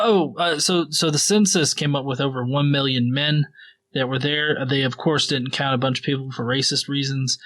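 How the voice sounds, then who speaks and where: A man's voice: a little high, a bit bright. A man hosting a podcast, recapping the Bible in a casual, profane and sarcastic way, rambling with fillers. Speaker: podcast host.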